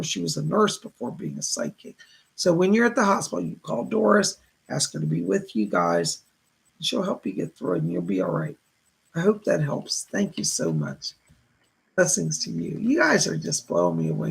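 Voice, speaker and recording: A man doing live psychic readings on a stream, calmly reassuring viewers and passing on messages. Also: a little high, vocal fry, slightly rough. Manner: reassuring, relays spirit messages, reads viewer questions aloud.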